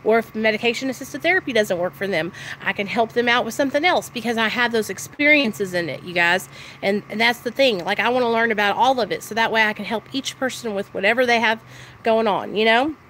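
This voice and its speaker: Loud, chatty young woman with a bright voice. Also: fairly high pitch, fairly quick, a little hiss or hum. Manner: loud, chatty, excitable, talks straight to viewers. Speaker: recovery vlogger. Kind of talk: casual live-stream chat.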